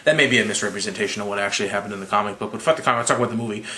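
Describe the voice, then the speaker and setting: A slightly drunk young man rambling through a profane, casual movie recap with quick impressions. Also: fairly low pitch, pushed and bright, echoey room, a little hiss or hum. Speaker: movie reviewer.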